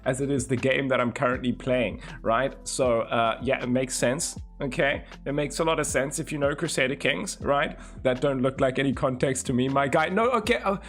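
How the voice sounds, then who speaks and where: A young man livestreaming, talking casually to his viewers at a middling pitch. He teases and swears freely. Soft music plays faintly underneath. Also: normal speed, few pauses. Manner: chatty, teasing, swears freely. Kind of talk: casual chat with live viewers.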